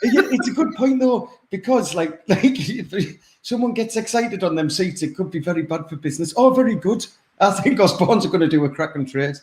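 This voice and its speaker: A man's voice: sits high, lively intonation, a little fast, few pauses, roomy sound, a little hiss or hum. A man, co-hosting a crude comedy chat show, giggling often. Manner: giggly, laughs a lot, crude. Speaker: co-host.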